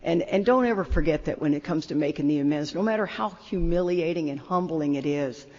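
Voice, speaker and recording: In a deep voice and at a brisk clip, an older woman leads off a talk with an extended story about herself, animated and self-deprecating throughout. The hall recording sounds muffled and roomy.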